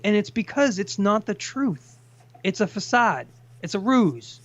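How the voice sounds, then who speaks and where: A man's voice: high voice, expressive, a little slow. A man hosting a casual call-in chat, ranting with plenty of profanity. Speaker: host. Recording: dull lo-fi sound.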